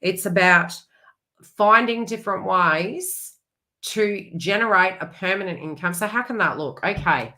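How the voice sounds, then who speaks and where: A woman giving a chatty, rambling astrology reading with animated asides. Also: medium pitch, a little slow. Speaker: astrology reader. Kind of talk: casual astrology forecast.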